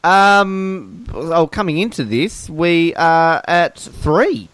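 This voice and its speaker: Excitable Australian man, lively pitch. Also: clear, resonant tone, rough recording. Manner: excitable, laughing, halting restarts. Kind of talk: casual film discussion.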